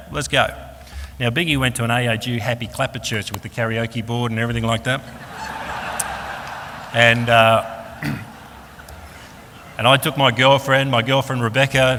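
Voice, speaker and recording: An Australian man giving a personal faith testimony at a fellowship meeting, an animated storyteller who acts out the voices of the people in his story. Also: lowish voice. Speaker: speaker at a Christian fellowship meeting. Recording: long hall reverb, faint room noise.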